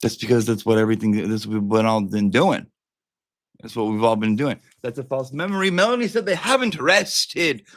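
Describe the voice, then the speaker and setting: A man's voice: on the low side, a little fast, a little mellow, no room sound. A man hosting a casual livestream, chatty and profane, breaking off to talk to his dog. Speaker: livestream host.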